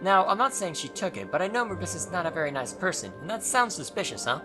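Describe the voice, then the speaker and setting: Casting: man playing a timid young game heroine, high and lively, fretful, over game music. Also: fast. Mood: gossipy. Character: timid sweet young woman, eager to please.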